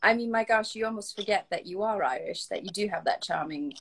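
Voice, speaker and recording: A woman's voice: mid-range voice, a little fast, gravelly, crowd noise. Gushing woman talk-show host. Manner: enthusiastic, gushing, laughs often. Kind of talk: casual interview chat.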